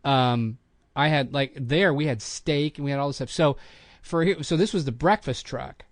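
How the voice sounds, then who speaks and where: A middle-aged man tells a long anecdote in casual podcast chat, slipping into other people's voices for the quotes. His voice sits at an ordinary pitch. It is recorded dry and close, with no room sound. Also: moderate pace, dry recording. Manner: animated anecdote-telling, acts out quotes. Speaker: podcast host, voice actor.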